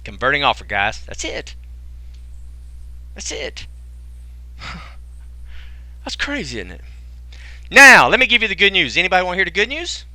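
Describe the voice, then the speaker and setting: An excitable man hosts a casual online sales pitch. He talks in folksy slang and keeps firing rhetorical questions at his audience. His voice is very bright and lively, with big swings in pitch. It sits dry and close on the mic. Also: measured pace, long pauses, dry recording. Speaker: webinar host pitching a business program.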